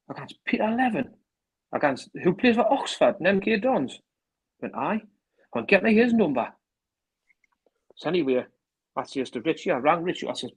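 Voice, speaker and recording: A man with a North East English accent spins long anecdotes, slipping into the voices of people he phoned. His voice is husky and breathy, sitting at an everyday middle pitch. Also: rough recording. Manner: rambling storyteller acting out phone calls with repeated "I says". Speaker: interview guest, former club manager. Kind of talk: casual anecdote telling.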